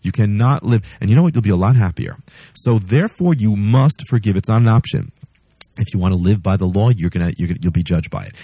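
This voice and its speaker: Male preacher, husky, low-pitched, lively delivery, casual sermon with restarts, dry sound. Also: fast talker, dry recording. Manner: conversational, acts out story voices, frequent restarts.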